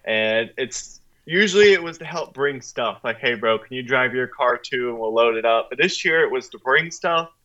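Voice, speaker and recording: A man's voice: mid-range voice, expressive, moderate pace, hardly any pauses, bright, forceful tone, dull audio. A young man on a podcast, co-hosting, telling a story in casual chat and acting out quotes with plenty of laughs and swearing. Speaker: podcast co-host.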